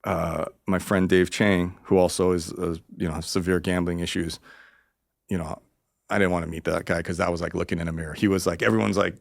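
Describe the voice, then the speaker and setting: A man's voice: low-pitched, level tone, fairly quick, vocal fry, no echo, clean studio sound. A man in his forties, a podcast guest telling stories in a rambling, profane way, acting out quotes in a raised voice. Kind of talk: casual storytelling interview.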